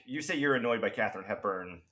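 A man co-hosting a podcast about old films, talking in halting, stop-start bursts as he vents in casual chat. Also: fairly low pitch, sharp tone. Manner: halting, many fillers and restarts, ranting. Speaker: podcast co-host.

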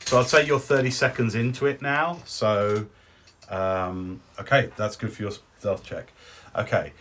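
A man's voice: lowish voice, steady tone, unhurried, a bit bright, a little hiss or hum. Man, game master, tabletop narration, descriptive, self-correcting.

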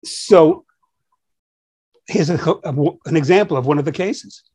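Male psychologist co-host, fairly high voice, animated raconteur. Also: a little slow, slightly rough. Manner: animated storyteller who acts out quoted dialogue. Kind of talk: conversational discussion.

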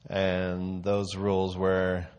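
Man, lower pitch, easygoing conversational sermon delivery, storyteller. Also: monotone, very slow, a little mellow, clean tone. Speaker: church teacher. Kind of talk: casual sermon.

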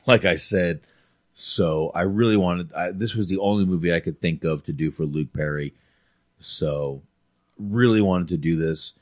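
A man's voice: low-pitched, darkish tone, no echo. A man from North Carolina hosting a casual movie review chat, rambling with frequent restarts and fillers. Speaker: podcast host.

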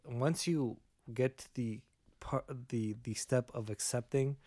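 A man chatting casually about a drama he watched, animated, often repeating words as he acts out what characters said. His voice sits at a middle pitch. The sound is dry and close. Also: unhurried, no room sound. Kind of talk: casual chat reviewing a drama.

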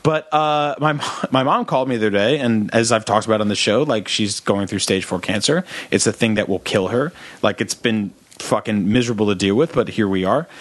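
A man's voice: medium pitch, fairly bright tone. Man, 30s, podcast co-host; casual, profane, rambling storyteller. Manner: rambling, swearing, laughs through his stories. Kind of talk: casual comedy podcast chat.

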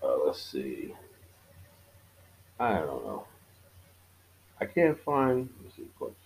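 A man's voice: rumbling low, wildly swooping pitch, slow, creaky, low-quality recording. A man talking straight to his audience in a casual, profane rant, blunt and defiant. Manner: blunt, defiant, swears freely.

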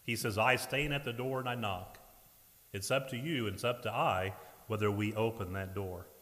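Bright-voiced preacher man in an echoing hall. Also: lowish voice, normal speed. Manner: earnest preaching, swings between loud emphasis and quiet asides. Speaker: pastor. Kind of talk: sermon. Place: church sanctuary.

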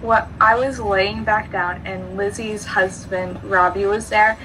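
Recorded outdoors near a street with slight background noise and poor audio, a young podcast co-host retells a dream. Her mid-range, fairly bright voice moves at a measured pace with fairly even intonation, full of fillers and restarts in casual chat.

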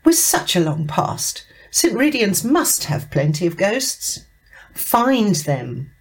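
A woman's voice: mid-range voice, sing-song, takes it slowly, breathy edge, pitched above the performer's own voice, full character voice. A woman reading a story aloud and voicing a stern, pushy female programme director in a firm, bossy manner. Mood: pressing.

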